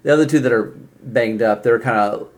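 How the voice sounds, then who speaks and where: A man narrating a tabletop game as game master, relaxed and often chuckling. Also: mid-range voice, fairly quick.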